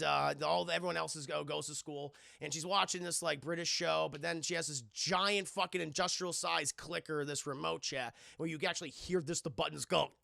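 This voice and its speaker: A man retells a film scene by scene in an excitable, profane live-stream review. His voice is high for a man, bright and gravelly, and it swings widely as he acts out the scenes. The sound is close and dry. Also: dry recording. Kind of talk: casual spoiler review on stream.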